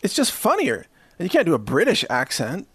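Male host, sarcastic ranter, higher register, dead-dry room. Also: wildly swooping pitch, a little fast, fairly bright tone, husky, dry recording. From Southern US. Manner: sarcastic, chuckling between jabs. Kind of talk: ranting monologue.

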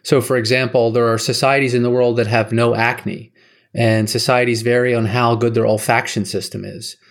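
A man's voice: medium pitch, flat delivery, moderate pace. A man being interviewed as a guest author, explaining his ideas in long, list-like answers. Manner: explanatory, lecture-like listing. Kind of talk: casual interview talk.

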